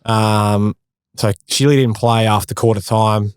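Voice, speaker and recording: A man in his thirties with an Australian accent, a former footballer telling stories in a casual interview, matey and quick to laugh. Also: on the low side, steady tone, smooth, dry recording, studio quality. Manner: matey, laughing, acts out quotes.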